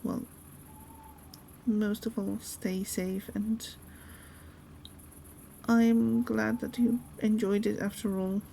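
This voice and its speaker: A woman streamer chatting casually while gaming, relaxed and friendly, greeting viewers by name. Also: a little high, slow, creaky, pauses often, a little hiss or hum.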